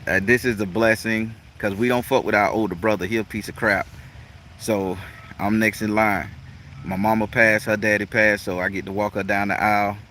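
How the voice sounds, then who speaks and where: A man's voice: lowish voice, fairly even intonation, normal speed. A man chatting casually and profanely to his viewers outdoors, laughing often. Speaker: spiritual practitioner and channel host. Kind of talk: casual vlog chat to viewers. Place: outdoors in a rural natural setting. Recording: loud outdoor noise.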